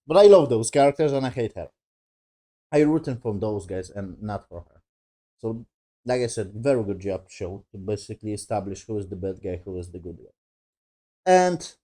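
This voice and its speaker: Mellow-voiced man doing a profane review. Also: mid-range voice. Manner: loose, profane, with non-native English grammar. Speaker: TV show reviewer. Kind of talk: casual episode recap review.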